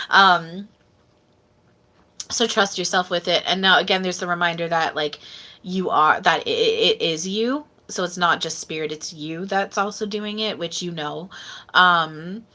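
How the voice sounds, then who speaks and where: A woman's voice: fairly low pitch, unhurried, bright, forceful tone. A woman medium giving a live-stream psychic reading, earnest and emotional as she reads viewer comments aloud.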